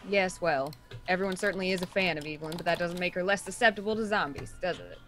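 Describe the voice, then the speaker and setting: A woman's voice: lowish voice, a bit bright, faint music behind, natural voice. A woman doing a brooding, scheming young man. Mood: insinuating. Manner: measured, insinuating, calculating.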